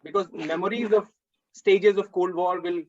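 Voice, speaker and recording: A man's voice: high-pitched, fairly even intonation, moderate pace, no echo, dull audio. A man speaking hesitantly on a panel, with many fillers, over a video call. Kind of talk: panel discussion.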